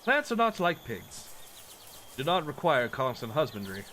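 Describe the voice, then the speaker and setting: A man reading the lines of a dry, literal male robot companion in a game, in short, clipped, deadpan sentences. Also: mid-range voice, moderate pace, a little hiss or hum. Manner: clipped, matter-of-fact, deadpan.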